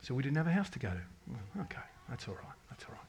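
A man's voice: mid-range voice, very animated, quick pace, a little mellow. A middle-aged man, giving a rambling, candid personal faith testimony to his congregation, full of restarts and quoted prayers. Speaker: parish member giving a testimony.

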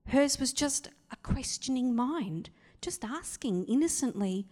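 A woman's voice: high-pitched, a little slow. Woman preaching in a reverberant hall. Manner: animated storytelling, acting out voices, dropping to whispers. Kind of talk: sermon.

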